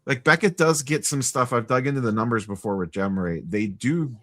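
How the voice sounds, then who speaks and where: A man's voice: mid-range voice, a little fast, a bit bright. A man on a casual livestream panel, laying out market reasoning in an analytical way. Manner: analytical, lays out market numbers.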